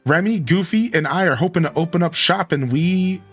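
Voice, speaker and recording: A gruff old Scottish duck tycoon from a video game, put on by a man. He speaks in a hearty mock brogue with a slightly raised pitch. Faint music plays behind him. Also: moderate pace, fairly bright tone.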